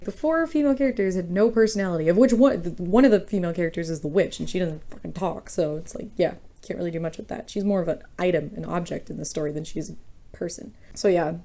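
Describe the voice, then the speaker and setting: A woman's voice: on the low side, dark tone. Frank, swearing young woman ranting. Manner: frank, swears freely, exasperated, rambling. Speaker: book reviewer. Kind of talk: casual book rant.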